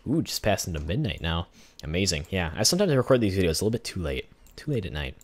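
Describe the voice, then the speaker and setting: Over game music, a young man running a gaming channel rambles through chatty let's play commentary, filling every silence with asides. His voice sits low and husky, sing-song and quick.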